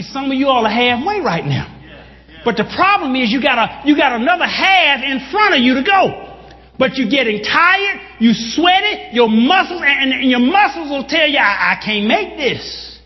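A male pastor preaching a sermon to a congregation, animated, bursting into shouts and addressing listeners directly. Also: extremely high pitch. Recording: dull lo-fi sound with long hall reverb.

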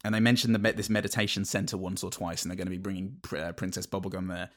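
A man co-hosting a podcast, talking through favourite film moments in a halting way with many restarts and a dry sense of humour. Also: sits low, flat delivery. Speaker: podcast co-host. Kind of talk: casual film review chat.

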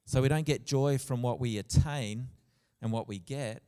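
A man preaching a sermon in a church, earnest, with soft passages and loud emphatic bursts. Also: mid-range voice, normal speed, clear, resonant tone. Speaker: pastor. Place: church hall. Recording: long church reverb.

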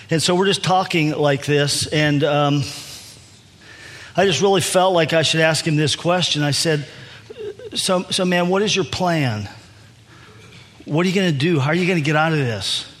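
A man's voice: a little high, fairly bright tone. A man in his sixties, a pastor telling a story in a sermon, often restarting and repeating words as he goes. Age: 60s. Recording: long hall reverb.

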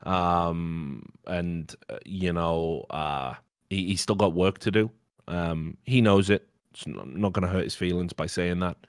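A man's voice: deep voice, a little slow, no room sound, clean studio sound. A man on a podcast in casual, opinionated chat, ranting bluntly and swearing freely. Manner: blunt and profane, heated ranting. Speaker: podcast host.

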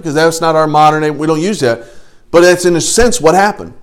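A man teaching an adult Bible study, lively and animated, often acting out quoted voices. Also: a little fast, clean tone. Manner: animated, acts out quoted voices with rising pitch.

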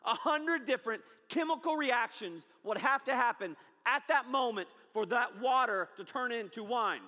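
High, bright energetic preacher man. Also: moderate pace, long reverb tail. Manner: energetic, swings from loud to hushed. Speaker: pastor. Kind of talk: sermon.

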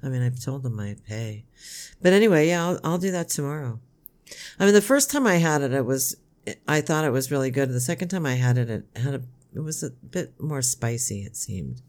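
An older woman, a podcast co-host, chatting casually with her son in a rambling, halting way with many restarts. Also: very deep voice, big pitch swings, a little mellow. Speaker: podcast co-host, mother of the other host. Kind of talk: casual chat.

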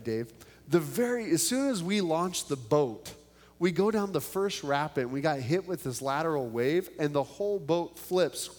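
A man's voice: on the high side, normal speed. Man preaching in a reverberant church. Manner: earnest, animated storytelling with hushed prayer. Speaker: pastor. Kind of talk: sermon with personal storytelling. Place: church building.

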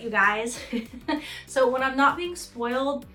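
A woman's voice: sits high, takes it slowly, pushed and bright. A woman author hosting her own show, chatting casually and laughing easily. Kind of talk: casual commentary chat. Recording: echoey room with faint music.

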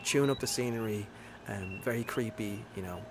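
A man's voice: fairly low pitch, a little fast, noisy background. A man co-hosting a casual movie chat, enthusiastic and rambling, with many ums and uhs. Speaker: podcast co-host.

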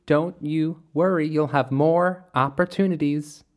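A woman's voice: sits low, measured pace, darkish tone. A storyteller voicing a possessive ghostly mother spirit who is sweetly insistent and smothering toward her son. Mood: doting, insistent.

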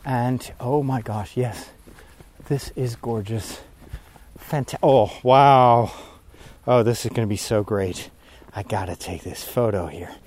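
A priest podcaster recording a casual vlog outdoors while walking, a bit out of breath, talking in a rambling, easily distracted way. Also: male voice, mid-range voice, slow, a little mellow. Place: outdoors on a walk at sunset.

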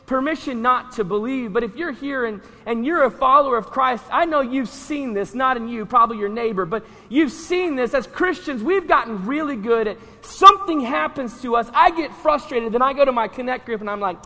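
Man, pastor, sermon, high bright voice, conversational, long hall reverb. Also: fairly quick, hardly any pauses. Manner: animated, conversational preaching with asides to the congregation.

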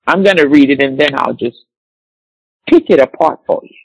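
Husky-voiced man preaching a sermon. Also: medium pitch, no room sound, poor audio. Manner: slow emphatic scripture reading, repeating key words. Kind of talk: sermon with scripture reading.

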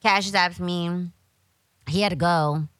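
A woman with a bright, clear voice spins a profane, animated story in a relaxed chat-show style. She slips into quoted voices as she goes, and the sound is dry and close, with no room around it. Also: fairly low pitch, takes it slowly, dry recording, rough recording. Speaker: podcast host.

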